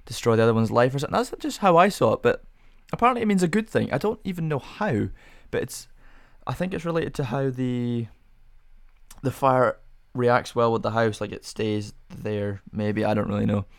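A man's voice: medium pitch, animated, moderate pace, creaky, no room sound, studio quality. A young man hosting a casual solo podcast, rambling through rhetorical questions with self-amused musing. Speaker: podcast host.

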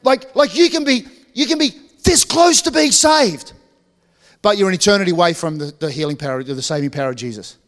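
A man delivering a sermon in a church, with a fairly high voice. He keeps things conversational, cracks asides to the congregation and restarts his sentences often. The sound carries a long reverb from the church hall. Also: lively intonation, brisk, fairly bright tone. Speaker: pastor.

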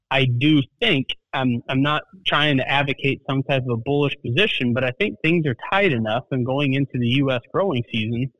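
A man who is a market analyst guest, speaking in a plainspoken, measured way with folksy turns of phrase. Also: mid-range voice, a bit bright, no echo, rough recording. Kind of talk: casual market talk.

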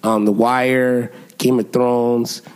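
A man's voice: medium pitch, little pitch movement, takes it slowly, darkish tone, clear, resonant tone. Slangy guy bantering. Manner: loose slangy banter, playful teasing. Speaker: podcast co-host. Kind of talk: casual chat.

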